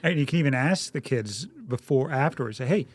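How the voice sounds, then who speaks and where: Animated male co-host giving parenting advice. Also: mid-range voice, fairly quick, slightly rough, no room sound. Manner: acts out parent dialogue in animated quoted voices. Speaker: podcast co-host, doctor. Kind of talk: casual parenting advice chat.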